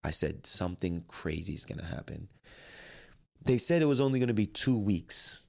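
A man with a low, gravelly voice tells a personal story. He talks animatedly and acts out the conversations as he goes, with his own lines and everyone else's. The crackly fry in his voice stays through the whole story. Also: moderate pace. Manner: animated, quotes himself and others in dialogue. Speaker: life coach and trainer.

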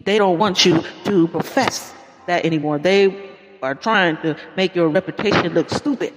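A man's voice: high-pitched, moderate pace. A man preaching an informal podcast sermon in a folksy, exclaiming way, often calling out praise. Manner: folksy, exclaims "Lord have mercy" and "Hallelujah". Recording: long reverb with faint music.

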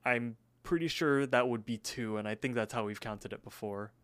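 A man's voice: medium pitch, normal speed, clear, resonant tone. A man co-hosting a podcast, chatting hesitantly about a cartoon episode with many ums and restarts. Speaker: podcast co-host. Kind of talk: casual chat and episode recap.

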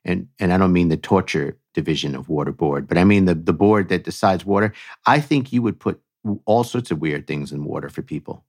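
A man's voice: low voice, brisk, a little mellow, no echo, clean studio sound. A man co-hosting a comedy podcast, speaking in a wry, conversational way as the straight man. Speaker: podcast co-host. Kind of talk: casual comedic chat.

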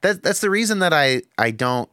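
A man's voice: fairly high pitch, big pitch swings, moderate pace, sharp tone, smooth, no echo, clean studio sound. A man hosting a podcast, talking candidly and reflectively, thinking aloud with restarts and the odd swear word. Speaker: podcast host.

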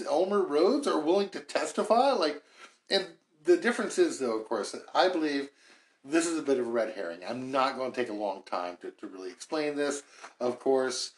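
Man talking politics in a roomy echo. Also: a little high. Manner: chatty, thinking aloud, wry. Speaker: podcast host. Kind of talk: casual political commentary.

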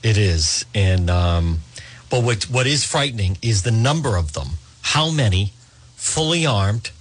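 Male talk radio host, husky, emphatic commentary to listeners. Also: lowish voice, lively intonation, measured pace. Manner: emphatic, addresses listeners as folks.

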